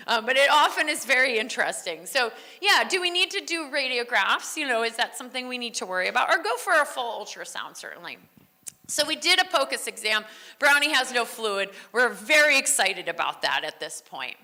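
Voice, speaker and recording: A woman's voice: high voice, lively intonation, normal speed, sharp tone, big-room sound. A woman who works as a veterinary technician gives a conference lecture in a conversational way, often tossing in "right?" and answering her own questions. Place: large lecture hall.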